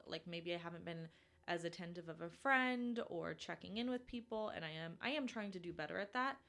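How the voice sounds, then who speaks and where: A woman's voice: fairly low pitch, a bit bright. A young woman from Minnesota hosting a solo podcast, chatty and self-deprecating, with lots of fillers. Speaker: podcast host.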